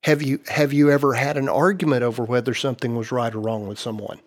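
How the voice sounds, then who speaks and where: Male host, mid-pitched, earnest explainer, casual discussion. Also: fairly even intonation, fast.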